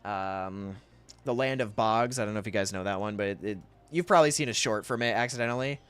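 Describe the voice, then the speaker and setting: A man's voice: lowish voice, fast, fairly bright tone, smooth. A young man streaming while he draws, rambling casually to chat, reading messages aloud and often laughing.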